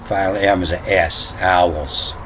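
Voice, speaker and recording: Slow, halting man spelling out letters. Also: low voice, fairly even intonation, fairly bright tone, a little hiss or hum. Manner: halting, repeats words, spells out letters one by one. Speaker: self-taught lecturer. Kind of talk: unscripted explanation of ancient letters.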